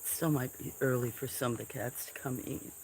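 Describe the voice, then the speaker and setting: A woman hosting a casual farm livestream, softly chatting and cooing baby talk to cats, sometimes dropping to a whisper, on a camera mic. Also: extremely low pitch, fairly even intonation, normal speed, slight background noise. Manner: soft-spoken, drifts into whispers.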